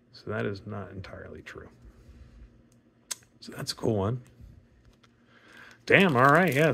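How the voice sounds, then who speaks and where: A man with a raspy voice, chatting casually and rambling with fillers and mild swearing while opening trading card packs. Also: lowish voice. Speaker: card pack opening vlogger. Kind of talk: casual pack opening commentary.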